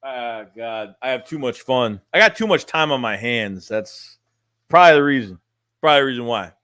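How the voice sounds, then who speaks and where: A man's voice: medium pitch, animated, brisk, a bit bright, dry recording, studio quality. A man casually chatting on a sports live stream, rambling and full of fillers.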